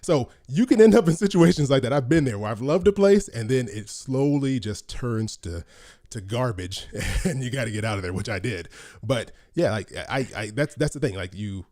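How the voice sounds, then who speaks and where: A man's voice: mid-range voice, lively intonation, normal speed, a little mellow, dry recording, studio quality. A young adult man co-hosting a podcast, chatting casually and rambling with frequent restarts. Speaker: podcast co-host. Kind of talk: casual chat.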